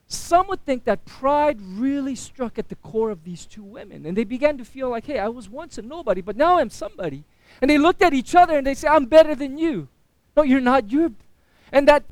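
A pastor in his thirties preaches in a high, light voice, chatting with the congregation and poking fun at himself. The sound is close and dry, with little room around it. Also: no room sound. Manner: conversational preaching with self-mocking humor. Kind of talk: sermon.

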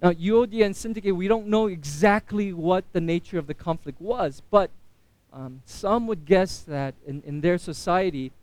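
Man, pastor, sermon, high voice, dry close sound, chatty, self-mocking. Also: normal speed, a little mellow, no echo. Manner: conversational preaching with self-mocking humor.

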